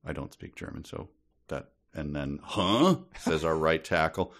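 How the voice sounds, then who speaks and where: Low-voiced, dry male podcast co-host. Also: little pitch movement, moderate pace, a bit bright. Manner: dry, sardonic complaints. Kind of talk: casual book discussion podcast.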